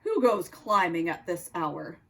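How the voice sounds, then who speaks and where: A gruff, jovial Nutcracker with a Russian accent, put on by a woman reading a storybook aloud. The voice drops far below her own into a deep, booming register. He is proud and kindly and calls everyone comrade. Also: lively intonation, measured pace, a bit bright, full character voice.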